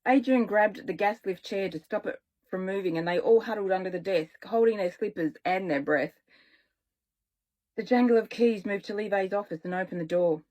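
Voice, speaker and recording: A woman and children's author reading her own story aloud in a relaxed way, now and then correcting herself. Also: mid-range voice, moderate pace, poor audio.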